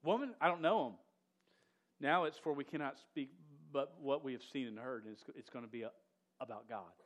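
A man's voice: mid-range voice, brisk. A man preaching a casual, emphatic sermon who often stumbles and restarts words and drops slang like "dude".

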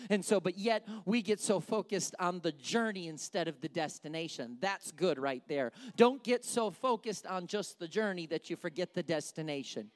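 A man preaching a sermon as pastor, emphatic and repetitive, swinging from loud lines to hushed ones. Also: high voice, animated, moderate pace, few pauses.

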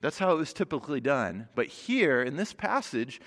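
A male pastor preaching a sermon, conversational and emphatic, often dropping soft for stress. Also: a little high, sing-song, moderate pace. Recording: long hall reverb.

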